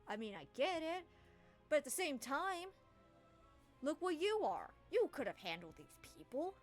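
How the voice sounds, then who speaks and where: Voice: high-pitched, big pitch swings, normal speed, soft background music, pitched above the performer's own voice. A woman voicing a sarcastic swamp dweller who mocks and needles others. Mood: mocking. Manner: mocking, antagonizing.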